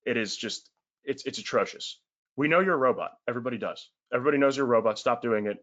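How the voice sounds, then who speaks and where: A man's voice: medium pitch, quick pace, fairly bright tone, lo-fi sound. A man giving a casual webinar sales talk, blunt and emphatic, in colloquial words with the odd swear.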